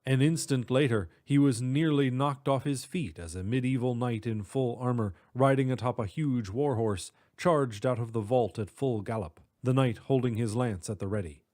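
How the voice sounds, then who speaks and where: A man narrating a story in a steady, measured way. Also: mid-range voice.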